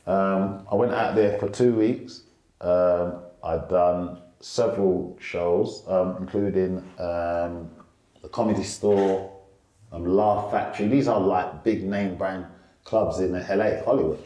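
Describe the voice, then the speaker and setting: A middle-aged male stand-up comedian, telling animated stories in a casual interview. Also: slow pace, reverberant. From England. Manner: animated, lively storyteller who jumps up in pitch for quotes.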